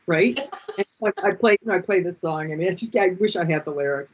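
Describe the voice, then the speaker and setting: A woman telling personal stories in a chatty, animated way on a video call, with dull lo-fi audio. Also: on the low side. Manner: chatty and animated, quick restarts. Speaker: guest speaker. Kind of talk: casual storytelling on a video call.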